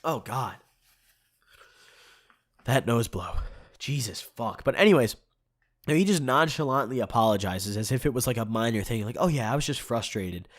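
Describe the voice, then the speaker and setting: A man's voice: mid-range voice, lively intonation, moderate pace, long pauses. A young man with a stuffed-up nose and sore throat, telling a rambling, profane story to his channel and chuckling often. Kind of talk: casual storytime.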